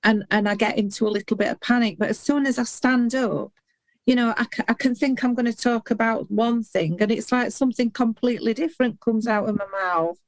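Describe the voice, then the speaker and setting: A middle-aged woman, an intuitive healer and hypnotherapist, speaks earnestly and from the heart as a guest in a candid podcast conversation, often restarting words. Her voice is fairly high and a little fast, with no room sound.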